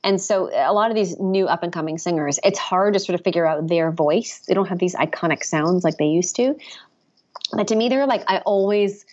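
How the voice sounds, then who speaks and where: A woman impressionist being interviewed over the phone, talking in animated, chatty bursts and correcting herself as she goes. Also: on the low side, brisk, highs cut off. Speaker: impressionist guest. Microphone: phone line.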